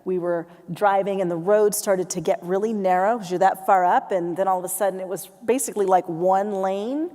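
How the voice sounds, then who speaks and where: A woman giving a motivational keynote, telling a lively story and acting out her family's voices. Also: medium pitch, brisk, few pauses. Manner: animated storyteller, acts out family voices, laughs along. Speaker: keynote speaker. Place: large hall with live audience. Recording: long hall reverb.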